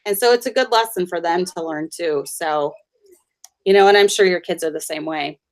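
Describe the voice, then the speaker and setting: A woman's voice: fairly low pitch, normal speed. A woman hosting a conversation, chatty and storytelling, often laughing between anecdotes. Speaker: host.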